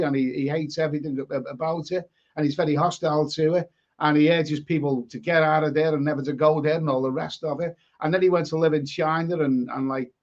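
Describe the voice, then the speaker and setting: Brief: English man, live stream host, blunt and opinionated, restarts a lot, slightly raised pitch, muffled lo-fi audio. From England. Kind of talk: casual live chat stream.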